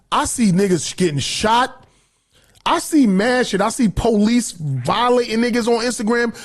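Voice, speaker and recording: A high-pitched man runs his own podcast and rants straight into the mic. He talks in a loose, profane, heated way and rambles from one grievance to the next. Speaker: podcast host. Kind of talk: casual livestream rant.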